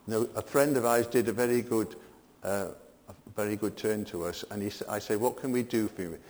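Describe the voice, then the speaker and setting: An older man preaching a sermon, swinging between emphatic peaks and quiet asides. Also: on the low side, brisk, in a large hall.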